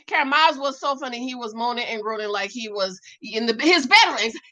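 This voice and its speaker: A middle-aged woman hosts a relaxed chat show, reading out viewer comments in a high, bright voice. She is animated and laughs often as she talks straight to her audience. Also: quick pace. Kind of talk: casual chat.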